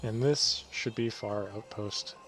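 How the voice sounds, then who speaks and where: A man's voice: lowish voice, slow pace, over music. A man giving casual, rambling commentary over a video game, often correcting himself as he goes. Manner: relaxed, rambling, self-correcting. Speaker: let's play host.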